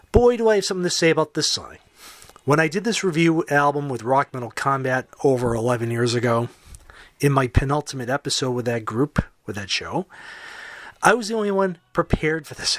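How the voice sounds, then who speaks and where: A man's voice: medium pitch, fairly bright tone, dry recording. A man hosting a solo podcast, talking casually with opinionated, jokey asides. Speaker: podcast host.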